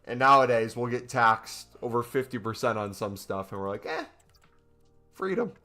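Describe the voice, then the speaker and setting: A man's voice: medium pitch, fairly even intonation, moderate pace, bright, forceful tone, soft background music. A young American man chatting casually on his gaming live stream, joking and reading out questions from chat. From United States. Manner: chatty, jokey, reads chat aloud.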